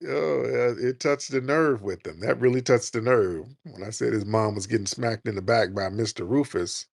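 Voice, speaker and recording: A man's voice: medium pitch, animated, normal speed, creaky, few pauses, slightly rough, no echo. Male stream host, crude teasing, laughs a lot, dry sound. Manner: crude taunting, laughing often. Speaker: host of a live call-in roundtable. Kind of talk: live stream roundtable banter.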